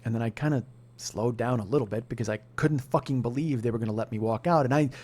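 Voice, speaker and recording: Podcast host, male, rapid-fire profane storyteller who works himself up into a rant. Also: medium pitch, a little mellow. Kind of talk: comedic storytelling monologue.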